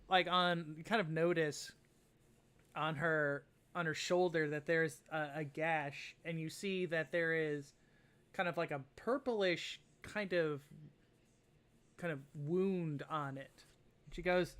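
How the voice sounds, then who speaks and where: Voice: mid-range voice, slow pace, fairly bright tone, clear, resonant tone. A game master narrating a tabletop game in a hesitant way, leaning on fillers while setting scenes. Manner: hesitant, full of fillers like "kind of".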